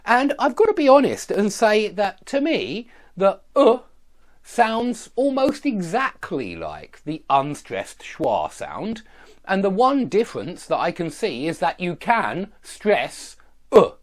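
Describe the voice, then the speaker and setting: A man with a Southern English accent leads an online pronunciation lesson, enunciating each drilled word with care. His delivery is unhurried, and his pitch rises and falls widely. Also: very animated. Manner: drills word lists with slow, exaggerated enunciation; frequent checking tags like "yeah?" and "okay?".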